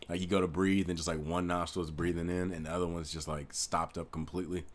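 A man's voice: low-pitched, level tone, fast talker. A man hosting a reaction video, rambling casually and laughing often.

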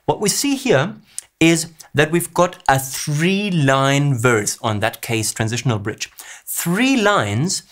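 A man hosting a music analysis show, explaining song lyrics in a measured way and reading lines aloud. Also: a little high, animated, a bit bright.

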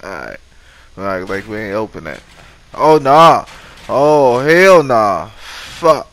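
A man's voice: fairly low pitch, big pitch swings, slow pace, fairly bright tone. A man commentating his own video game run, swearing and trash-talking the enemies on screen. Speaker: gamer. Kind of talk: profane let's-play commentary.

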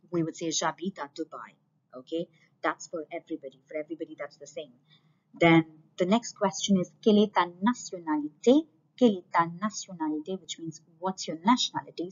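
A woman teaching a beginner French lesson in English, saying each French word slowly and repeating it so learners can copy her. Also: lowish voice, a little mellow. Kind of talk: online language lesson. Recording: slightly dull lo-fi sound.

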